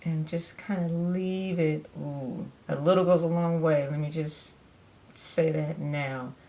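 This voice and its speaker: A woman's voice: deep voice, fairly even intonation, takes it slowly, mellow. A woman chatting in a rambling, easygoing way with many fillers while she walks through a makeup tutorial at home. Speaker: beauty vlogger. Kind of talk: casual makeup tutorial chat.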